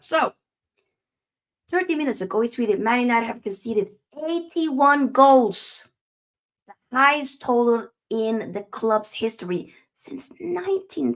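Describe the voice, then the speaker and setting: This young woman's voice is on the high side and creaky. As host of a football channel, she reacts to a live match with emphatic rants, asking herself rhetorical questions and replying to them.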